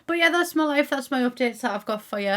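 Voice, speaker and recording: A woman's voice: high voice, lively intonation, quick pace, fairly bright tone. A young woman from Middlesbrough with a Teesside accent, chatting casually to camera as a gaming YouTuber, rambling with restarts and local slang. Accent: Teesside English. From Middlesbrough, England.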